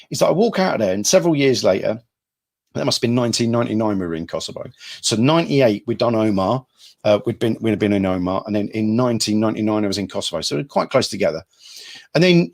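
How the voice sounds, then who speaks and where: A middle-aged man from England, a hypnotherapy trainer, telling stories in a rambling, casual way to an online audience. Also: lowish voice. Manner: rambling, repeats himself, acts out quotes loudly.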